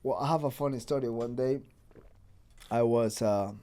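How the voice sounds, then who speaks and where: A man's voice: mid-range voice, moderate pace, warm tone. A man hosting a podcast, telling stories in casual chat, swearing freely and acting out what people said. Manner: swears freely, acts out quotes. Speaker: podcast host.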